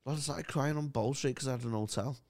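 A man's voice: medium pitch, fast. A young man from the North of England, a podcast co-host, swearing and teasing in casual banter. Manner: swearing, loud teasing bursts.

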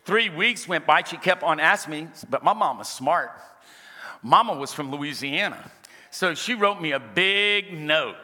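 A man's voice: fairly high pitch, expressive, measured pace, pushed and bright, in a large hall, slight background noise. A man preaching a sermon, telling funny stories and rising into emphatic exhortation to his congregation. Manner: humorous storytelling building to emphatic exhortation.

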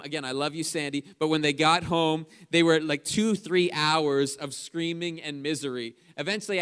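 A man preaching a sermon in a church service, energetic and chatty, calling out to the congregation between stories. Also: on the high side, clear, resonant tone. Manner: chatty storytelling asides. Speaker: pastor.

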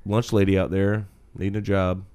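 A man's voice: low voice, flat delivery, normal speed, darkish tone, clean tone, no echo. A man co-hosting a podcast in a casual comedy chat, telling stories in a playful, rambling way. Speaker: podcast co-host.

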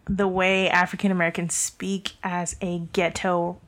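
A woman's voice: lowish voice, little pitch movement, a little slow, fairly bright tone. Opinionated young woman chatting casually. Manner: candid, opinionated, many fillers and restarts. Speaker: podcast co-host. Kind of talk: casual chat. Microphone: handheld mic.

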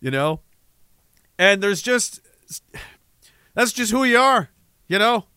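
A man's voice: high-pitched, animated, slow pace, sharp tone, smooth, dry recording, studio quality. A middle-aged man from Canada hosting a podcast in casual ranting commentary, sarcastic, profane and mocking, reading out listener messages.

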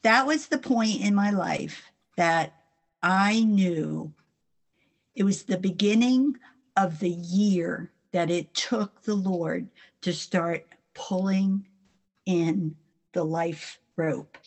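A woman's voice: on the low side, takes it slowly. An older woman from New Jersey with a New Jersey accent, a guest author telling earnest faith stories in an interview, laughing now and then as she talks. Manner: earnest, storytelling, laughs while speaking.

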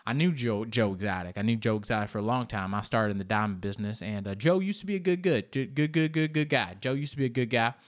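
A man voicing a shady male diamond dealer who pitches his goods in a low, soft, smooth sales patter. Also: animated, quick pace, few pauses, lightly acted. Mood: smooth-talking.

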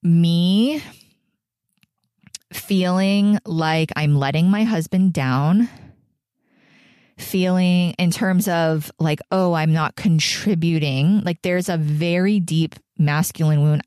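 A woman's voice: on the low side, takes it slowly, a little mellow, no echo, clean studio sound. A pregnant woman in her thirties hosting a solo podcast, talking candidly and emotionally, rambling with many fillers. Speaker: podcast host.

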